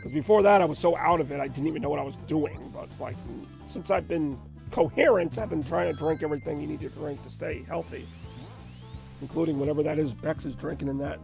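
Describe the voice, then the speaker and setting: Hoarse, gravelly-voiced game-stream host. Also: male voice, on the high side, brisk, darkish tone. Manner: rambling, chatty, self-deprecating. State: hoarse from a sore throat. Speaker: host of a retro gaming stream. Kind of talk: casual live-stream commentary. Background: faint game music.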